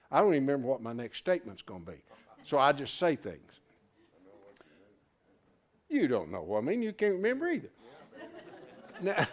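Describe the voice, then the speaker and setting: A man teaching a Bible class, animated, who keeps asking rhetorical questions and restarting his words as he thinks aloud. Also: a little high.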